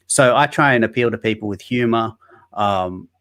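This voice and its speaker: A man with an Australian accent and a nasal edge to his voice speaks in a low register. He rambles casually as an interview guest, cracking dry jokes and restarting sentences often. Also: normal speed, a bit bright. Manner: joking, rambling, many fillers and restarts. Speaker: guest, online activist. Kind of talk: casual interview over a video call. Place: Sydney.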